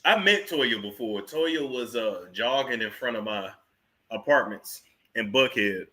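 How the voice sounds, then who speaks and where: A man's voice: mid-range voice, expressive, measured pace, bright, forceful tone, breathy edge. A man hosting casual gossip commentary, chatting to his viewers and laughing often. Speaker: celebrity gossip host.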